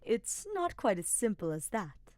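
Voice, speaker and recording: A woman reading a fan-fiction audiobook, voicing a calm middle-aged mother who answers patiently and matter-of-factly. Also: medium pitch, measured pace, dry recording.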